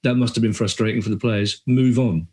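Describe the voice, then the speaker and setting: A middle-aged man chats as a podcast guest. He is animated and tells stories with quick asides. He often acts out the voices of the people he quotes. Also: fairly low pitch. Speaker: podcast guest, comedian and author. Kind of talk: casual chat.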